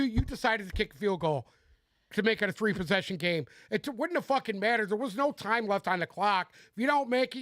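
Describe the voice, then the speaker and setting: High-voiced, profane sports-podcast man. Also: fairly bright tone, dry recording. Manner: profane, emphatic, exasperated rants. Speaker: podcast co-host. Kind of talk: casual sports debate.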